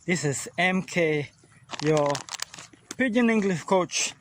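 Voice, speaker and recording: A man's voice: high-pitched, animated, slow pace, a little hiss or hum. A man, a language coach giving a casual, chatty vlog lesson while strolling outdoors. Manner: easygoing and chatty, mixing in pidgin greetings. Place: outdoors on a street, walking.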